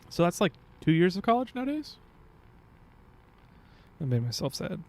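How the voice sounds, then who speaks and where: A man streaming a video game from home, chatting casually and reading game text aloud with quick asides. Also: high voice, sing-song, darkish tone. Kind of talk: casual gameplay commentary.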